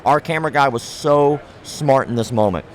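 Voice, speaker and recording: A man's voice: medium pitch, moderate pace. A young man, a guest on a show, telling stories in a casual interview, acting out the people he quotes and swearing freely. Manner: animated storyteller who acts out quoted people, swears freely. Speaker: martial arts content creator, guest. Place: outdoors at a trade show.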